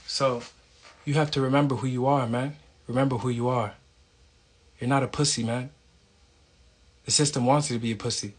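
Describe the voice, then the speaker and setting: A man's voice: medium pitch, fairly even intonation, moderate pace, pauses often, slightly rough. A man giving a casual, preachy monologue, emphatic and profane, punctuating points with "okay?". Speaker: self-styled spiritual speaker.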